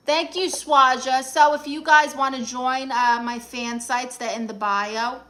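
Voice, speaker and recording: A woman's voice: high voice, fairly even intonation, pushed and bright. A woman playing a sassy New York aunt. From Brooklyn, New York. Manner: sassy, quick comebacks, reads chat aloud. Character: brassy, sassy middle-aged aunt playing self-styled therapist. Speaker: live streamer reading viewer comments. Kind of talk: comedic improvised live stream.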